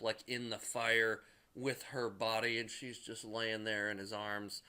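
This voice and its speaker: A man recaps a movie in a loose, rambling way, with plenty of filler and profanity. His voice is bright and edged, sitting at a middling pitch. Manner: rambling, heavy on "like" and swearing. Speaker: movie reviewer.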